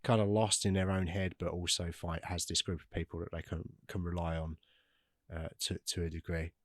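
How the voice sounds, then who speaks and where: Low-voiced man in hesitant film chat. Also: level tone, brisk, dry recording. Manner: hesitant, restarts often, dry humour. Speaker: podcast co-host. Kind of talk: casual film-discussion chat.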